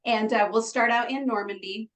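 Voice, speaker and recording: A woman's voice: fairly high pitch, steady tone, normal speed, fairly bright tone, poor audio. Bubbly, giggly woman chatting as a guest. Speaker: guest, retreat organizer. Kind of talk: conversational interview.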